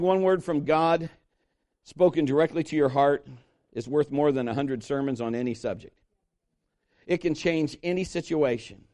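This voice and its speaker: A man's voice: a little high, a little mellow. A man preaching a sermon, emphatic, calling on the congregation to respond. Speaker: pastor.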